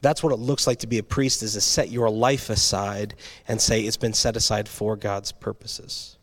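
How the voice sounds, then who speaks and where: A man's voice: lowish voice, level tone, moderate pace. Conversational male pastor preaching. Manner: conversational, with restarts and asides to the congregation. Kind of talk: sermon.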